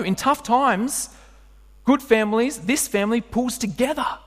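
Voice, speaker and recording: Male preacher in a reverberant hall. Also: sits high. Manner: animated, asks the listeners rhetorical questions. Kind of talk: sermon.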